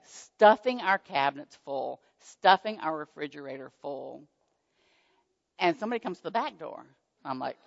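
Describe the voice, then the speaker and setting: Gravelly woman telling a faith testimony. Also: lowish voice. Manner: animated storytelling, squealing excited quotes. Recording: dull muffled sound with long hall reverb.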